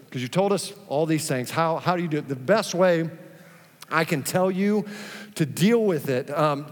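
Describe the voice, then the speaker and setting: A man delivers a sermon in a lively, conversational way, dropping playful asides between points. His voice sits high for a man. The sound rings with the long reverb of a big church hall. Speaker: pastor.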